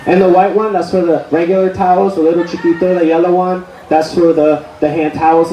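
Brief: male stand-up comic, animated and profane; roomy club sound with audible crowd noise. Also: on the high side, fairly quick, hardly any pauses, distant mic. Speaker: comedian. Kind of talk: stand-up storytelling. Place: comedy club stage.

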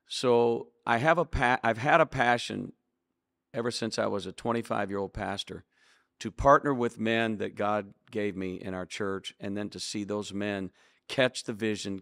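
A man's voice: lowish voice, a bit bright, dry recording, clean studio sound. A man in his sixties, a longtime pastor and author, telling stories in an interview in an earnest, preacherly way and acting out the dialogue he quotes. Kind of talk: reflective storytelling interview.

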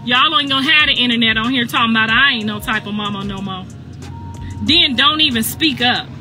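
A woman's voice: fairly high pitch, brisk, pushed and bright, soft background music. Emphatic, sassy woman ranting on a livestream.

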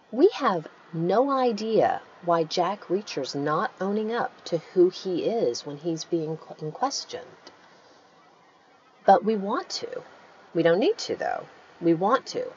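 A woman author delivers a recorded writing lecture, explaining patiently and spelling out punctuation marks as she goes. Her voice sits on the low side and jumps up sharply on stressed words. The recording is dull and lo-fi, with a faint room hum underneath. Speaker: author teaching a writing workshop.

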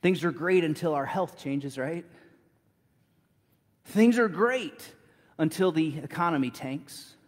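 A middle-aged man delivers a sermon in a church, slipping into a relaxed, conversational storytelling manner and repeating words as he restarts. His voice sits a little on the high side for a man. A long reverb from the sanctuary trails after each phrase. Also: moderate pace, few pauses. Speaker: preacher.

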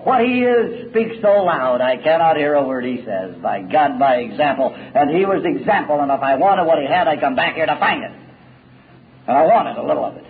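A middle-aged man giving a folksy, slang-filled recovery talk at a convention, full of wry humor and storytelling. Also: sits high. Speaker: recovery meeting speaker. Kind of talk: spoken testimony at a convention. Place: convention hall with audience. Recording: tinny old cassette recording.

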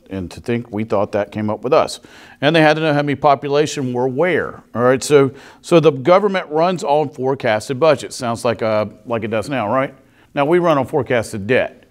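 A male pastor, preaching a sermon to a congregation in a conversational way, often asking them questions. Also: mid-range voice. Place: church sanctuary.

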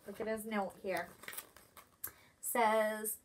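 A preschool teacher reads a picture book aloud in a high, bright voice. She goes slowly and expressively, stopping to ask the children questions. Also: expressive. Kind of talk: storybook read-aloud for preschoolers.

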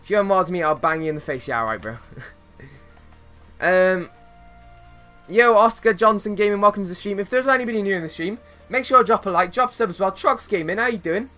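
A young man streaming a football game, chatting casually with viewers and reacting to plays with bursts of excitement. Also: sits high, fairly quick, soft background music. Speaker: gaming streamer. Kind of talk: casual live-stream chat while playing.

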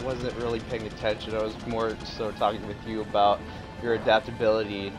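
A sleep-deprived man giving excitable let's play commentary, prone to sudden exclamations. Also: lowish voice, brisk, over music. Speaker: gameplay commentator.

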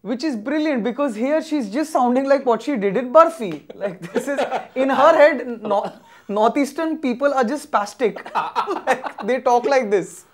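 A man's voice: very high-pitched, expressive, a little slow. A man with an Indian English accent reviewing a film with sarcastic jokes, hesitating with fillers and slipping into Hindi. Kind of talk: comic film review chat.

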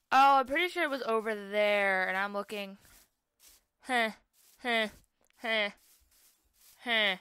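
A woman's voice: on the high side, bright, forceful tone, clean tone, dry recording. A young woman casually commenting on her own survival gameplay, chatty and self-mocking, often exclaiming at what happens. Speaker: gaming YouTuber.

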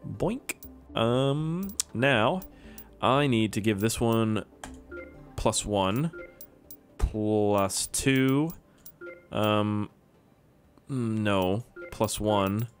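A young man giving casual, jokey commentary on his own gameplay, talking to himself with sudden high-pitched outbursts. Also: lively intonation, slow, long pauses, soft background music. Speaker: gaming YouTuber.

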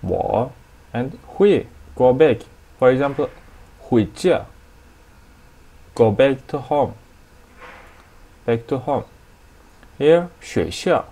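A man with a Turkish accent teaching a language lesson at a whiteboard, explaining slowly and repeating each new word. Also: medium pitch, expressive, mellow.

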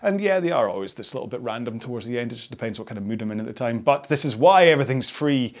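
A fast-talking man with an animated, mid-range voice guides an indoor rowing cool-down. He chats casually and ramblingly, runs himself down a bit, and apologizes often as he calls out stretches.

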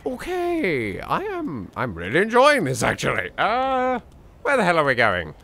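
A young English man commenting on his own gameplay with theatrical jokes, dropping to hushed asides and bursting into loud yelps. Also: sits high, huge pitch swings, measured pace, creaky. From England. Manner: theatrical, jokey, swings between hushed asides and loud outbursts. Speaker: let's play host. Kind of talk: game commentary.

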